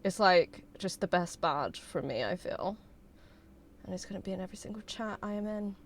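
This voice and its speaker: A young woman, streaming and chatting with her viewers in an excitable, bubbly way and swearing freely. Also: lowish voice, moderate pace, a little hiss or hum. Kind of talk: casual livestream chat with viewers.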